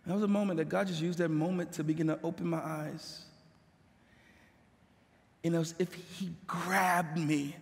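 A man's voice: a little high, fairly even intonation, normal speed, creaky, long pauses. A male pastor giving an emotional sermon testimony, weeping as he speaks and rising into impassioned pleas. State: crying. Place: church sanctuary. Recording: long hall reverb.

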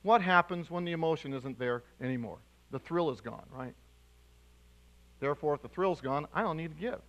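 A man preaching in a church sanctuary with a high, bright voice. He talks in a lively, emphatic way, starting over often and breaking into loud bursts. His sermon to the congregation moves between quiet asides and excited exclamations. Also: normal speed, rough recording. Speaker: pastor.

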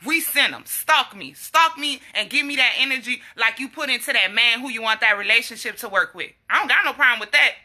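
Young black woman ranting to her viewers, bright sharp voice kinda high, slangy, laughs a lot. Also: fairly quick, hardly any pauses. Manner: blunt, animated, laughs often, slangy. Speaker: herbal health vlogger. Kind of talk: casual straight-talking live chat.

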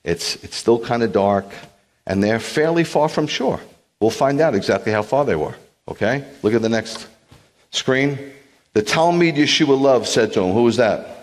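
A man serving as a rabbi, giving an animated sermon with joking asides and acted-out quotes. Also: mid-range voice, normal speed. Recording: long hall reverb.

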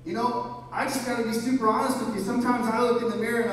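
In a church hall, a pastor with a high-sitting voice delivers a fast sermon, earnest in tone, quizzing his congregation and often starting his sentences over. The hall echoes, he sounds far from the mic, and there's a faint background noise.

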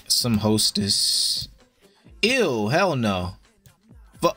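Slow-talking young man streaming with music. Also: mid-range voice, expressive, fairly bright tone. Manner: blunt, profane, quick verdicts; chatty with viewers. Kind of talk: casual live-stream commentary.

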